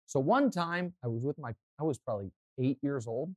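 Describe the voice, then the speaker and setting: A young man co-hosting a sports podcast, telling stories and giving strong opinions in an animated way. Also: mid-range voice, brisk, no room sound. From Kansas City, US. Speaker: podcast co-host. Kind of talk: casual sports talk.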